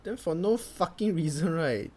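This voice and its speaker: A man's voice: on the high side, expressive, normal speed, a little mellow, slight background noise. A young Singaporean man with a Singaporean accent, giving a sweary, mocking comedic review full of Singlish slang. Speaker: video reviewer.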